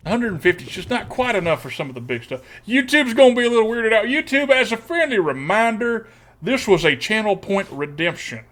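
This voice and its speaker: A man's voice: high-pitched, very animated, a little fast, fairly bright tone. A man streaming a card game, talking in a put-on folksy country twang and cracking self-deprecating jokes. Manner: joking, self-deprecating asides.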